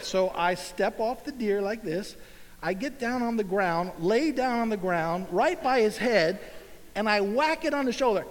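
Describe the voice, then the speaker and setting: A middle-aged man holds a live audience with a folksy, animated story, laughing and exclaiming as he goes. His voice sits high for a man. The sound carries the long reverb of a large hall. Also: moderate pace, background noise. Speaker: speaker at an event.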